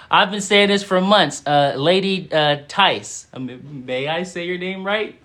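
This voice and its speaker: Speaking slowly in a sharp, fairly high voice with lively intonation, a man hosts a livestream of spiritual affirmations and breathing exercises. His casual, slangy delivery is emphatic, full of repetition and call-and-response.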